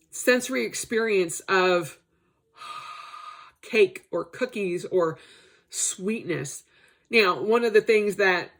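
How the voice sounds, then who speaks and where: A middle-aged woman talks unhurriedly in a casual personal vlog, taking her time over each thought. She rambles through asides and tangents in a chatty way, still getting over a stomach bug. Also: medium pitch. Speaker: vlogger.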